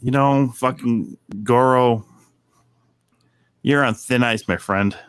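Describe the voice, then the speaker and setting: A man's voice: medium pitch, slow, clean tone, no room sound. Man, podcast co-host, profane, mock-boastful, dry sound. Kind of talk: casual wrestling podcast banter.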